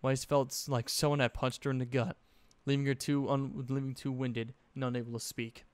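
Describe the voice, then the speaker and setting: A man's voice: medium pitch, level tone, a little fast, clean tone, dry recording. A man reading a story aloud expressively, correcting his own slips now and then. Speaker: fanfiction narrator.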